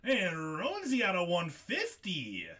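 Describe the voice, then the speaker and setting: A man hosting a live card break, excitable and jokey, laughing often as he calls out hits. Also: sits high, takes it slowly, slightly rough. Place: studio.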